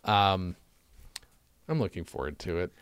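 A man hosting a podcast in casual comedic chat, sarcastic and animated as he tells stories. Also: low voice, measured pace, clean tone, dry recording. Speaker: podcast host.

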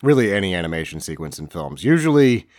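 A man's voice: deep voice, sing-song, fast talker, no room sound, clean studio sound. A man co-hosting a casual movie review chat, wryly recapping scenes and jumping into mock voices. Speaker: podcast co-host.

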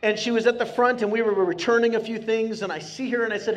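Pastor guy with a pretty high voice, earnest and chatty, preaching from the pulpit. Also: steady tone. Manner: earnest, conversational, with emphatic slow phrasing. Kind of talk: sermon. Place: church sanctuary.

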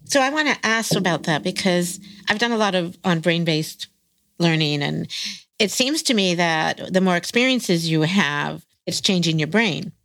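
Attentive woman interviewer, lower voice. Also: animated, moderate pace, a bit bright. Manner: attentive, encouraging with short affirmations. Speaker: interviewer, host. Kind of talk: conversational interview.

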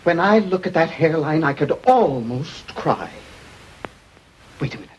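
A man's voice: a little high, lively intonation, unhurried, highs cut off, slight background noise. An actor playing a fussy, exasperated male makeup stylist in a 1930s film comedy.

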